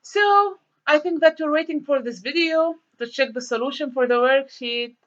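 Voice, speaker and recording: A woman's voice: sits high, normal speed. A woman teacher going through a grammar worksheet and answering her own questions for the class. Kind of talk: grammar lesson walkthrough. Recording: dull lo-fi sound.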